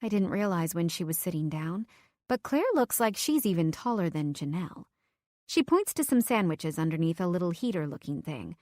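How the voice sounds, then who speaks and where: A young woman reading a first-person romance audiobook in a lively storytelling manner, with soft whispered asides. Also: fairly low pitch, normal speed, no echo, clean studio sound. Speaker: audiobook narrator.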